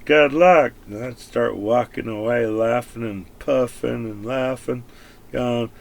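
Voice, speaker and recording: A man's voice: medium pitch, little pitch movement, slow, creaky, darkish tone. A man ranting casually and crudely to the camera, swearing constantly and rambling from one point to the next. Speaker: vlogger. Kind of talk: casual rant.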